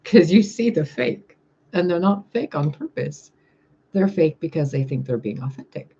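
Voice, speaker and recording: Blunt, sarcastic woman with a husky voice. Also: low voice, lively intonation, normal speed, mellow, lo-fi sound. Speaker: spiritual reader. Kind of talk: casual vlog monologue.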